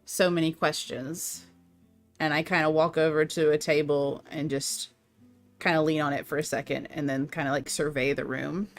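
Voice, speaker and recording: Brief: lively woman player, slightly low, rambling storyteller. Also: brisk, faint music behind. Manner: animated, run-on storytelling. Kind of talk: role-play narration.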